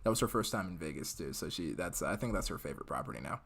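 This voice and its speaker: Young male podcast host, casual live chat, slightly low voice, rambling delivery. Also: lively intonation, quick pace, creaky, a bit bright, husky. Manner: chatty, rambling, with frequent fillers and laughs.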